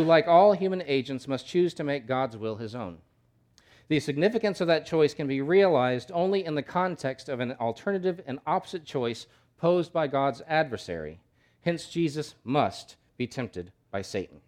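Guy preaching a sermon, fairly high voice, punchy, lots of rhetorical questions. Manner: emphatic, rhetorical questions, swings loud and soft. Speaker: pastor.

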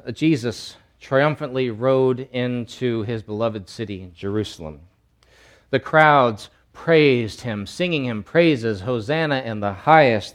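A man preaching a sermon, emphatic, swinging from loud bursts to low asides and acting out quoted voices.

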